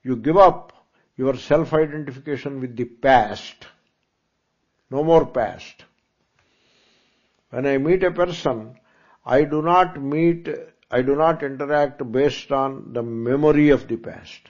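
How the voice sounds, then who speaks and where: In a dull, lo-fi recording from a lecture hall, a male spiritual teacher with an Indian English accent talks students through Vedanta, posing rhetorical questions and slipping in Hindi asides. His medium-pitched voice is a little mellow, and he takes it slowly with frequent pauses.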